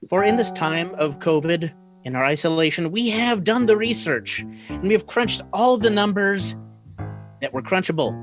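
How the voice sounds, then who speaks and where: A man's voice: high voice, a bit bright. A man hosting a live comedy show from home over a video call, announcing in a pompous, theatrical way. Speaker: host.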